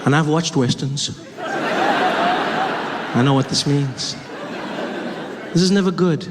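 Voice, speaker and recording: High-voiced man doing animated stand-up. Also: slow pace. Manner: animated, acts out scenes, shifts voices. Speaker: stand-up comedian. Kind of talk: stand-up comedy storytelling. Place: comedy stage before a live audience. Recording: live hall reverb and crowd noise.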